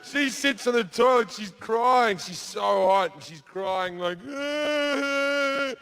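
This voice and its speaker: A man telling a crude story as a stand-up comedian on a theatre stage, with deadpan asides and shouted put-on voices. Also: high-pitched, unhurried, vocal fry. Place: theatre stage before a laughing audience.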